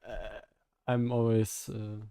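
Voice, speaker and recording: A young man chats with his viewers during a live coding stream, with a mellow voice. He thinks aloud, stops and restarts, and laughs often. The sound is dry. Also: fairly low pitch, little pitch movement, slow pace, gravelly, smooth, no room sound. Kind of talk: casual live-stream chat while coding.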